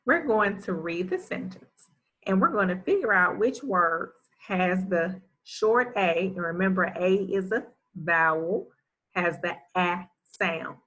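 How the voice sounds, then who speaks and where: A woman's voice: lowish voice, slow, a bit bright. A woman teaching a first grade phonics lesson, sounding out letters one at a time and praising often. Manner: encouraging, gives frequent praise.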